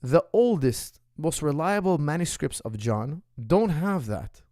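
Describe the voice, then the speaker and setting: A man, a coach, giving his opinions in a casual monologue, talking emphatically, repeating phrases for stress and swinging between loud and soft. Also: on the high side, sing-song, unhurried, no room sound, clean studio sound. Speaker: martial arts coach hosting a Q&A.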